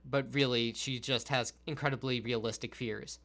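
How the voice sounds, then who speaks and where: A man's voice: mid-range voice, fairly even intonation, normal speed, fairly bright tone. A man co-hosts a casual movie podcast, walking through the plot eagerly and with obvious fondness for the film. His voice sits in a middle register. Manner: enthusiastic plot recap. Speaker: podcast co-host. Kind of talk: casual movie-review chat.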